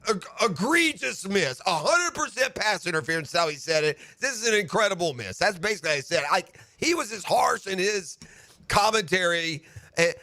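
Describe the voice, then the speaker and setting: A fired-up male sports radio host tears into a game from behind a studio microphone, his voice sitting a little high with a bright, forceful edge. The sound is dry and close, and his ranting swells into shouts. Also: brisk, no echo. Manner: animated ranting, building to shouts. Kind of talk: sports talk radio commentary. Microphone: studio broadcast microphone.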